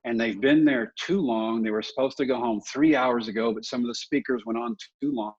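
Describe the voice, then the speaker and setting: A man in his fifties, a podcast guest and motivational speaker, telling lively, self-deprecating stories. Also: mid-range voice, a little fast, breathy edge. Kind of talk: storytelling in a podcast interview. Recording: dull, muffled audio.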